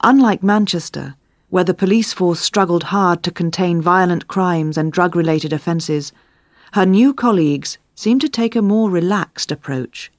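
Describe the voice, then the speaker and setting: Woman narrator, low-pitched, clear measured storybook reading, dry close sound. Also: no room sound. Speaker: audiobook narrator. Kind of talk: scripted narration.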